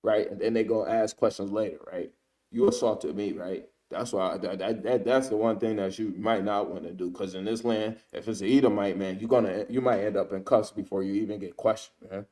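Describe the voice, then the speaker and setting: A man's voice: lowish voice, fairly even intonation, fairly quick, hardly any pauses, a little mellow. A man giving casual spoken commentary as a ministry speaker, who weaves in scripture quotes and keeps tagging his sentences with "man" and "right?".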